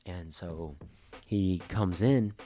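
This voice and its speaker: A man's voice: deep voice, very slow, dark tone, slight background noise. A young man co-hosting a podcast in a casual, rambling storytelling style, full of fillers. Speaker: podcast co-host. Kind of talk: casual chat.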